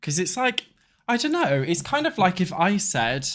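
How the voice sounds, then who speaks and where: A man's voice: fairly high pitch, big pitch swings, a little slow, a bit bright. A young British man from England chatting casually while playing a building game. He rambles and swears freely. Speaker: gaming YouTuber.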